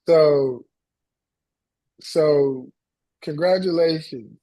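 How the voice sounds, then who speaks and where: A man talking as a life coach in casual, slangy, animated chat, repeating himself and acting out voices. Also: a little high, moderate pace.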